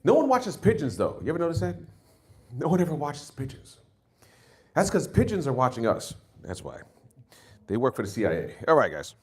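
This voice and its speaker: Lively, rambling New comic, forties. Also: male voice, mid-range voice, brisk, pauses often. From New York. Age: 40s. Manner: rambling and self-mocking, with loud jumps into put-on exclamations. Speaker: stand-up comedian. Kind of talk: stand-up set.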